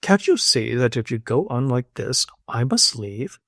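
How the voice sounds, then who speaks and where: A man reading an audiobook, voicing a self-possessed young woman who speaks coolly and firmly, lifting his voice higher when she insists. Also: sing-song, unhurried, a bit bright, no echo, studio quality, heavily acted. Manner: cool and firm, rises when insistent. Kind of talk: audiobook character voice.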